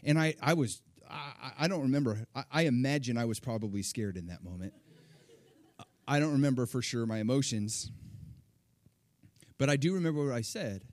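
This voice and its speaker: Animated man preaching a story, dry sound. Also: mid-range voice, a little fast, pauses often, no room sound. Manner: animated, acts out quoted voices. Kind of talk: sermon storytelling.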